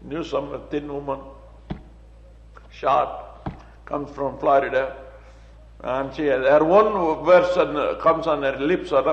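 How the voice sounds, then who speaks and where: An older man preaching a sermon, rising loud and high when he quotes scripture. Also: expressive, moderate pace, a little hiss or hum. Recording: echoey hall, dull lo-fi sound.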